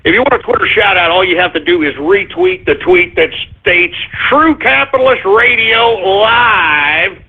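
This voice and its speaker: High-voiced, profane radio host. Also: male voice, lively intonation, normal speed, hardly any pauses. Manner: rambling, profane, restless storytelling. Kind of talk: rambling anecdote and show segments. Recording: husky phone-like lo-fi audio.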